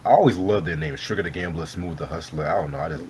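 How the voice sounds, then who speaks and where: A warm bass voice with lively intonation moves at a quick pace, over a little hiss or hum. The man hosts a live stream during dinner, keeping the talk loose with plenty of swearing and laughter.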